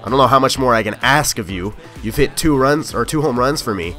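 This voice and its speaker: A young man giving live commentary on his own gameplay, excitable and quick to shout or grumble at the game. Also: medium pitch, faint music behind. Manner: excitable, yelling at the game, frustrated outbursts. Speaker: gaming YouTuber.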